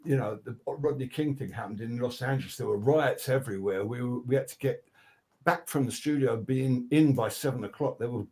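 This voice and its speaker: A man's voice: mid-range voice, a little fast. An older man, a guest record producer telling casual studio anecdotes, swearing freely, restarting his sentences and acting out what people said. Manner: animated, swears freely, acts out quotes; many restarts and fillers.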